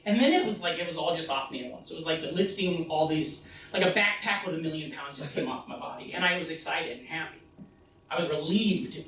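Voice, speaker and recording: A man performing a comedic one-man stage show, telling a story with animated delivery and acting out the people in it. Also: on the high side, brisk, roomy sound, far from the mic, a little hiss or hum, low-quality recording. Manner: animated storytelling, acting out his mom and himself. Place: theater stage. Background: audience laughter.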